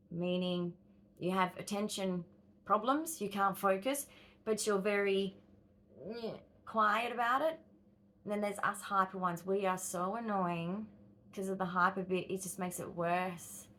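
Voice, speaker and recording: A woman's voice: medium pitch, unhurried, fairly bright tone. An Australian woman in her fifties vlogging, talking straight to her viewers and acting out inner voices with exclamations and sighs. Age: 50s. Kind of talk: direct-to-camera vlog monologue.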